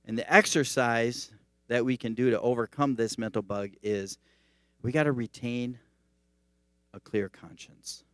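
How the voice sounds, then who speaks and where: A man's voice: mid-range voice, measured pace, no room sound, clean studio sound. A male teaching pastor giving a sermon in a conversational, storytelling manner. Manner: conversational, animated storytelling preaching.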